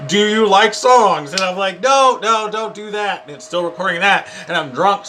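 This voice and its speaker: Young man, high-ish voice, ringing tone, casual comedic storytime, animated, rambling. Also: a little hiss or hum. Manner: rambling, animated, heavy use of "like".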